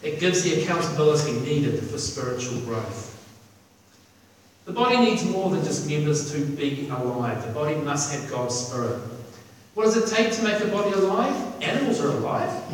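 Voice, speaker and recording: A man's voice: a little high, lively intonation, moderate pace, a little hiss or hum. Enthusiastic preacher man in an echoey hall. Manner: enthusiastic, repetitive, lots of restarts and fillers. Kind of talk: sermon. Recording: echoey hall from far off with faint ambience.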